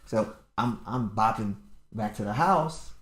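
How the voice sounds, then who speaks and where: Animated man telling stories, roomy sound. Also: lowish voice, measured pace. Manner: animated storyteller who acts out everyone's lines. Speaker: podcast co-host. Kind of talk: casual storytelling chat. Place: home room. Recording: roomy home recording.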